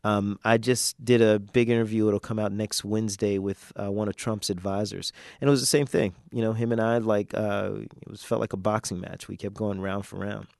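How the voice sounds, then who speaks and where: A man's voice: lowish voice, fairly even intonation, brisk, creaky, few pauses, a little mellow, no room sound, clean studio sound. A man speaking in a casual interview, loose and hesitant, with many fillers and restarts. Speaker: poet and interview guest. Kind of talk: casual interview talk and poetry performance.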